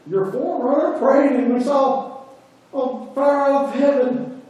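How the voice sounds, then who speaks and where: A man voicing a proud, angry foreign general who demands a grand miracle, in indignant, shrill outbursts. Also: measured pace, darkish tone, far from the mic, dull audio. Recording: very echoey church, voice from afar.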